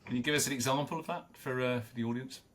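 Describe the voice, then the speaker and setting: Male co-host, mid-pitched, relaxed interviewer with light humor. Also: rapid-fire. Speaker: podcast co-host. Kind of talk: conversational podcast discussion.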